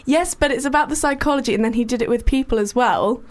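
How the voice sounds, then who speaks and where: A woman's voice: sits high, fast talker. A woman chatting casually, laughing often and teasing her co-host playfully. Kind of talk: casual chat.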